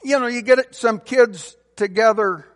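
A man preaching a sermon as a pastor, earnestly building to emphatic peaks and dropping to soft, low phrase endings. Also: unhurried, in a large hall.

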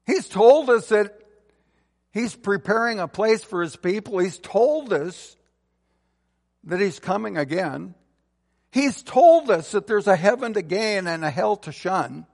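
A pastor delivers a sermon in a high, gravelly voice, expressive and unhurried, rising to forceful, emphatic peaks and then settling into soft, low phrase endings. A large church hall gives his words a long reverb.

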